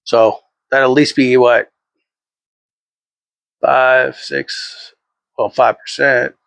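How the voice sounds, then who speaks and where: A man's voice: mid-range voice, steady tone, extremely slow, gravelly, fairly bright tone, no echo. A middle-aged man rambling through a casual vlog monologue, swearing freely and chuckling often. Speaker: vlogger.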